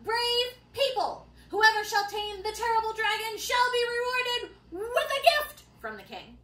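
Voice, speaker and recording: A woman's voice: very high voice, very animated, unhurried, a bit bright, reverberant, pitched above the performer's own voice, full character voice. A woman reading out a pompous king's royal proclamation in a grand, formal voice. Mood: proclaiming.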